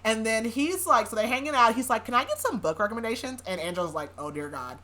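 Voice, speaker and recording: A woman's voice: a little high, expressive, fast, a bit bright. A young woman hosting a podcast, recapping a novel in a chatty way, with sarcastic asides and frequent laughs. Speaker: podcast host. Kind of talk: casual book recap.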